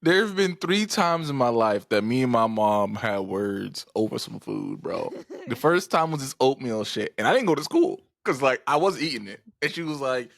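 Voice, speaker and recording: 20-something guy on a podcast telling a story, bright, sharp voice, cussing a lot and doing all the voices. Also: medium pitch, normal speed, vocal fry. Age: 20s. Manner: animated, profane storytelling that acts out the people he quotes. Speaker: podcast co-host. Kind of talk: casual storytelling chat.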